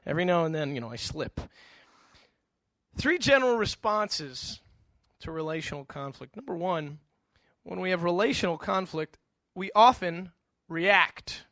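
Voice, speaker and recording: A man's voice: high voice, lively intonation, unhurried, a bit bright, no echo. A middle-aged male pastor giving a conversational sermon, telling stories with animation and frequent stammered restarts.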